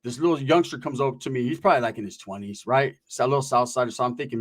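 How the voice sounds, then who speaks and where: A man from Northern California telling a casual story, animated and profane, acting out the voices of the people in it. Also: mid-range voice, racing.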